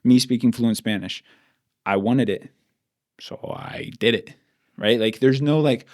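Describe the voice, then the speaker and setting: A man co-hosting a podcast in casual chat, blunt and profane, ranting fast with lots of "like". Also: medium pitch, darkish tone. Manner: fast rants with repeated "like". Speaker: podcast co-host.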